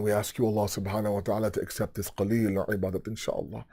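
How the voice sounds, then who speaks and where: A man giving a mourning sermon in a mosque, telling the tragedy with rising passion and closing in quiet prayer. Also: flat delivery, quick pace, hardly any pauses, husky. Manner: rises into high, impassioned recitation of the tragedy, then falls to low, quiet prayer. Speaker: speaker of a mourning majlis. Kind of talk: sermon with tearful mourning narration.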